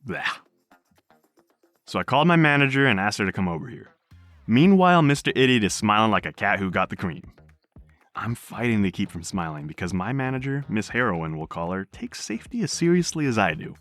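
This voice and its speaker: Guy reading stories on his podcast, lots of ups and downs in his voice, low pitch. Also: brisk, dry recording, soft background music. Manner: animated storytelling. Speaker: podcast host.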